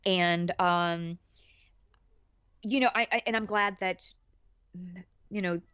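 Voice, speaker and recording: Woman podcast guest, animated chatter with laughs, dull dry lo-fi sound. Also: on the low side, slow, clear, resonant tone, no room sound. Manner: animated, laughing, many restarts. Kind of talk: casual chat.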